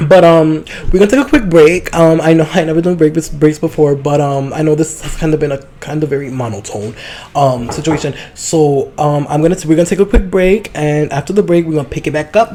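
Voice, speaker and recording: On his solo podcast, a man animatedly tells profane, meandering stories in a casual monologue. His voice is a little high, with a bit of hiss or hum in the recording.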